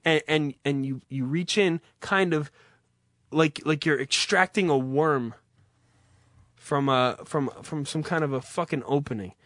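A man's voice: on the high side, a little slow, fairly bright tone, no room sound, clean studio sound. A man hosting a call-in show, swearing a lot and rambling in a self-mocking way. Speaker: radio call-in show host. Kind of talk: crude comedic call-in monologue.

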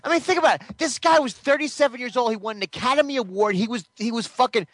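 A man's voice: very high-pitched, fast talker, fairly bright tone, no room sound, studio quality. A man co-hosting a radio show, chatting bluntly and swearing. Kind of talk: casual chat.

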